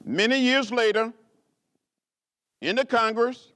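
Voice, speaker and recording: A man's voice: takes it slowly, a bit bright. A man, giving an award speech that moves from story to stirring oratory with repeated, rising phrases. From rural Alabama. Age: 70s. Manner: preacher-like cadence with rising repeated phrases and big pitch swings. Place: indoor gala event.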